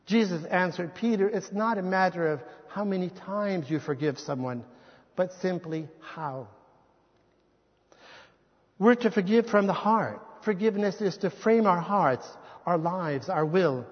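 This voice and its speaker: A man preaching a sermon in an earnest, measured way, slowing down when he reads quotations aloud. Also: high voice, long reverb tail, muffled recording. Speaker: pastor.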